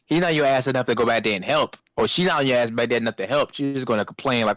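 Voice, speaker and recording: A young man casually telling a profane, animated story about a fast-food job, acting out customers' voices. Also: mid-range voice, dry recording. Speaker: podcast co-host.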